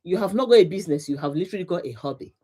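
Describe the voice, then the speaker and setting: A woman's voice: on the low side, expressive, racing, mellow. A middle-aged woman hosting a live motivational talk, speaking emphatically with lots of repetition and laughing often as she greets her viewers. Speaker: livestream host, coach.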